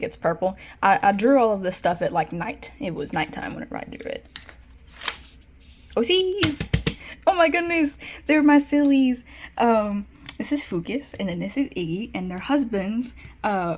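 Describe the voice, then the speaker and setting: A young woman giving a casual sketchbook tour, rambling with lots of fillers and self-corrections, breaking into excited bursts over favorite drawings. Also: medium pitch, normal speed. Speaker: art vlogger.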